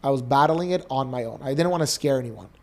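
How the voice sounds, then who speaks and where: Canadian guy in his 30s telling a personal story, earnest, gets emotional, mid pitch. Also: quick pace. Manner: earnest, emotional, animated retelling. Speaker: podcast co-host.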